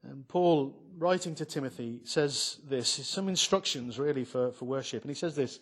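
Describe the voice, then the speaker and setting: A man's voice: medium pitch, normal speed, hardly any pauses, slightly rough. A man preaching an evening sermon on a psalm, earnest and building to fervent emphasis, with many restarts.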